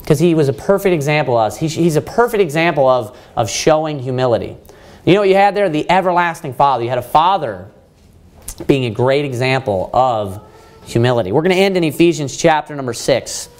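Fairly high-voiced man preaching a sermon. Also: expressive, a little fast. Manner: rhetorical questions and emphatic repetition; many fillers of "you know" and restarts.

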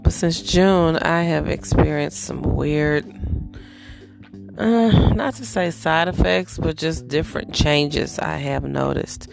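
A woman with a low, gravelly voice hosts a casual podcast monologue at an unhurried pace. Her throat is rough from allergies, and she breaks off to clear it and cough. Soft guitar music plays faintly behind her. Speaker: podcast host.

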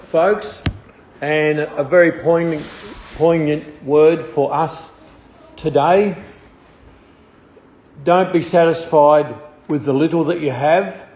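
A man speaking as pastor in a church, measured and repeating words for emphasis as he addresses the congregation. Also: a little high, darkish tone. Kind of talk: sermon follow-up. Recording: echoey church hall.

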